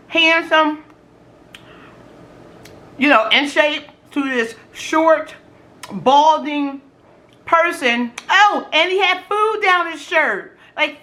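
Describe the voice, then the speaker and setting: A middle-aged woman vlogger telling dating stories in casual, animated chat while eating on camera, slangy and quick to exclaim. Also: high voice. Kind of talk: casual storytelling during a food challenge.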